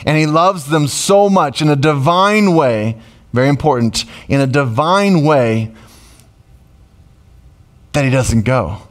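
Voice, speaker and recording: A middle-aged man preaching a sermon as pastor, conversational and emotional, with sudden loud rises. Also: a little high, animated, slow, long pauses.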